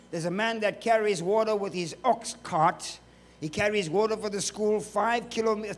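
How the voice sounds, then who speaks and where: A male preacher with a notably high-pitched voice delivers a sermon. He is emphatic, drives his points home with strings of rhetorical questions, and slips in joking asides along the way.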